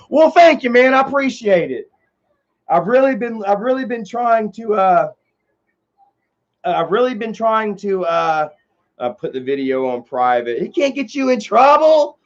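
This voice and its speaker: A man's voice: high-pitched, expressive, moderate pace, dull audio. A man hosting a livestream, chatting casually and reading out viewer comments in a rambling way with many filler sounds. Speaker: livestream host.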